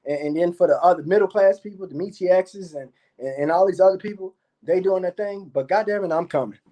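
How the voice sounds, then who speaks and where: A man's voice: high voice, fairly quick, mellow. A man delivering a profane, boastful monologue to his viewers as a YouTube commentator, repeating himself and cursing often. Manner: boastful, repetitive, swears a lot.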